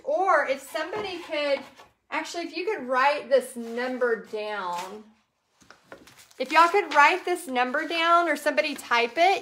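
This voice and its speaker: A woman's voice: sits high, a bit bright, echoey room, slight background noise. A woman with a Texas accent chatting casually to livestream viewers while she paints, rambling and talking straight to them. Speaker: craft business teacher and livestream host.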